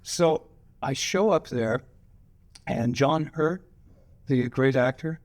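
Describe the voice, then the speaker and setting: An older man, a guest actor at a screening Q&A, tells loose, profane, laughing anecdotes from a cinema stage before a live audience, rambling as he goes. His medium-pitched voice moves slowly, with no room sound.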